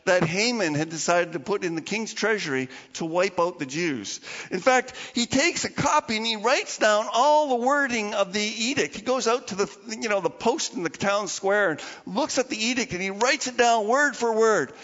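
Animated high-voiced male preacher. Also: moderate pace, in a large hall, highs cut off. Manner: animated storytelling with acted-out voices. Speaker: pastor. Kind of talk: sermon. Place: church.

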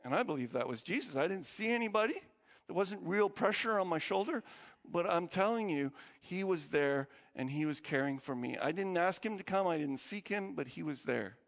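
A man preaching a sermon as pastor, telling stories with feeling, his voice climbing high and then dropping to a hush. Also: expressive, normal speed, creaky, long reverb tail. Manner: emotional storytelling, voice rising high and dropping low to a hush.

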